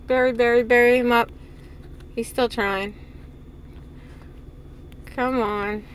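A woman vlogging casually who gushes with excitement and laughs often. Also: a little high, takes it slowly, long pauses, slight background noise. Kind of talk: casual excited vlog chat.

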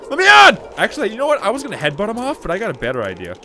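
A man doing comedic gameplay commentary as a gaming YouTuber, giggling and swinging from high shrieks to low mutters. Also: wildly swooping pitch, rapid-fire, fairly bright tone, slight background noise.

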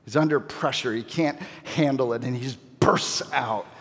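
A male pastor preaching a sermon in a large church, emphatic, with dramatic pauses and repeated key phrases. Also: medium pitch. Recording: long reverb of a church hall.

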